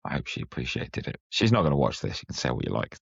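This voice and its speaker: Very deep, husky-voiced male host. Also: big pitch swings, fast, dry recording. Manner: teasing, chummy banter. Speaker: podcast host. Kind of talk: casual chat. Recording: slightly muffled, dry sound.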